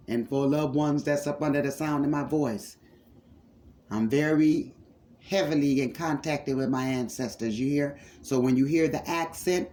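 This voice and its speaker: Slow, fervent preaching man. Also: a little high, warm tone, a little hiss or hum. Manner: preaching with fervor, repeating phrases, addresses listeners as loved ones. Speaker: spiritual healer preacher. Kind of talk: impassioned spiritual sermon.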